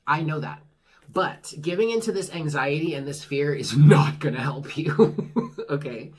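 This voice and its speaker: A tarot reader with a husky, breathy voice talks through a casual monthly reading. The delivery is blunt and swears freely. It cheers the listener on like a friend. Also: medium pitch, moderate pace. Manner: frank, swears casually, reassuring and pep-talking; laughs at own jokes.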